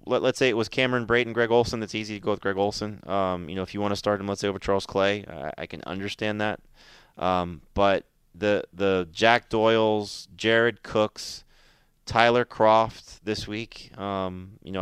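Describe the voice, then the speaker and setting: A man's voice: lowish voice, a bit bright, smooth, no echo, studio quality. A man co-hosting a fantasy football radio show, talking casually with many fillers and restarts. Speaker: fantasy football analyst co-host. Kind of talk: casual sports radio talk.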